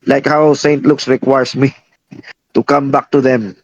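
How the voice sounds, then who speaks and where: A man's voice: medium pitch, level tone, a little slow, highs cut off. A man preaching a sermon, teaching by firing questions at the congregation and repeating himself. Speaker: pastor.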